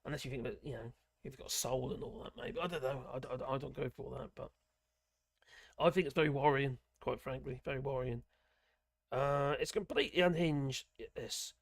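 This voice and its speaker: A man's voice: mid-range voice, moderate pace, vocal fry, dry recording. Male stream host, casual rambling ranter, mid-range voice, dry close mic. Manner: rambling, blunt and ranting, with swearing and chuckles. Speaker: host of a live politics stream. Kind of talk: casual live-stream commentary.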